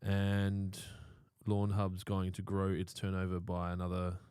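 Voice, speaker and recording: A man's voice: deep voice, completely flat delivery, measured pace, a little mellow, smooth, no room sound, studio quality. An Australian man co-hosting a casual talk show, brash and profane, speaking bluntly and cracking crude jokes. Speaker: podcast co-host.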